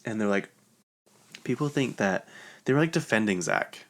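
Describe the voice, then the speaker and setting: A man's voice: on the low side, lively intonation, moderate pace. A man hosting a podcast, chatting in a rambling, casual gossip style full of "like" fillers. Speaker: podcast host. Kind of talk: casual gossip recap of a reality show.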